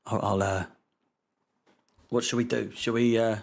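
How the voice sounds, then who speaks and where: A man hosting a fan channel's live watchalong, whispering hushed casual commentary on a football match with swearing and jokes. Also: fairly low pitch, little pitch movement, a little slow, creaky. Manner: swearing, joking banter.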